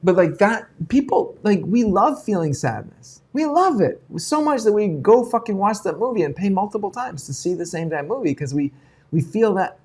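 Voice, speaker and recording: A man's voice: high voice, moderate pace, slightly rough. Candid, swearing male live-show host. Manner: candid and profane, swings between hushed and excited. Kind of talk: unscripted live talk.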